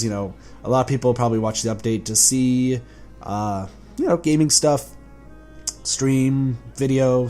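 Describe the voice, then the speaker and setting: Gaming YouTuber, male, hoarse sore throat, casual rambling update, faint music underneath. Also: medium pitch, a little mellow. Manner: rambling, self-correcting, chuckling. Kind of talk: casual channel update vlog.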